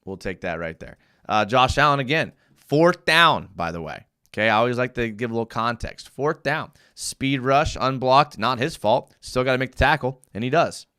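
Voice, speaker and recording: A young man hosting a live fan show and breaking down game film, animated and easily worked up as he reads viewer comments. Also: mid-range voice, normal speed, smooth.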